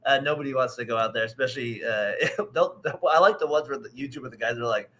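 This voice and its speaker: Bright-voiced man rambling about baseball. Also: medium pitch, fast talker. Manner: rambling, laughs often, acts out quotes. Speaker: co-host. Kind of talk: casual sports chat.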